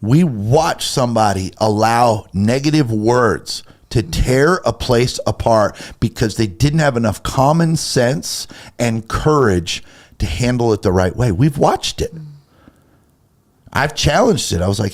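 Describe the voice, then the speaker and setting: A man co-hosts a faith talk show with an emphatic, heated delivery. His pitch rises and falls widely as he acts out little quoted conversations and presses his point home. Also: animated, unhurried. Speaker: co-host of a Christian talk show. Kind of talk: casual faith talk, preachy.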